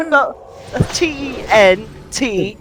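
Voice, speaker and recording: A woman's voice: sits high, expressive, drawn-out words, over music. A woman, laughing and trading cheeky banter with friends during an online game. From Norfolk, England. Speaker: gamer chatting on voice call. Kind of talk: casual chat.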